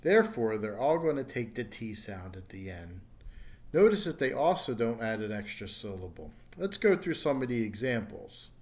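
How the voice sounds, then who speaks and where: Man slowly teaching pronunciation. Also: mid-range voice, very animated, darkish tone. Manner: slow, careful enunciation of example words. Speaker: ESL teacher. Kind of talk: recorded pronunciation lesson.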